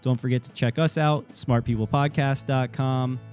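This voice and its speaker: Young male co-host, warm mellow tone, dry mic, light music bed. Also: medium pitch, fairly even intonation, moderate pace. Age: 20s. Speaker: podcast co-host. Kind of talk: casual interview chat.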